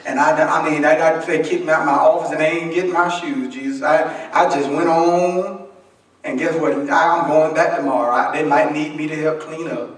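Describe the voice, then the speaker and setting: Man, pastor, somewhat high voice, folksy call-and-response sermon, booming church echo, mic well off. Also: fairly even intonation, normal speed. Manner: call-and-response preaching, asks the congregation to finish his lines; folksy, humorous, conversational delivery. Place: church sanctuary. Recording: echoey church from a distant mic.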